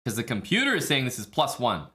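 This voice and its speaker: A man's voice: mid-range voice, huge pitch swings, fast, bright, forceful tone. A man streaming live and talking through chess lines in casual commentary, blunt and profane, acting out his own thoughts and laughing at odd moves.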